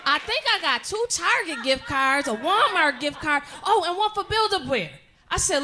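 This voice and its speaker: Loud, animated woman doing stand-up. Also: high voice, moderate pace, few pauses, noisy background. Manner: profane, loud, animated storytelling with frequent laughs. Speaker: stand-up comedian. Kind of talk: stand-up comedy set. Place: comedy club stage with live audience.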